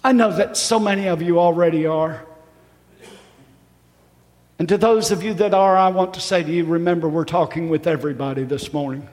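A middle-aged man preaching a sermon in a church, swinging from fervent shouts down to hushed appeals. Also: on the high side, normal speed. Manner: impassioned, rising to shouts then dropping to a hush. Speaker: pastor. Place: church sanctuary. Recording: echoey hall with long reverb.

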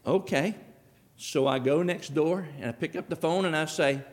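Folksy storytelling preacher. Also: male voice, a little high, moderate pace. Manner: folksy storytelling, acts out dialogue. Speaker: pastor. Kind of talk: sermon. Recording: long hall reverb.

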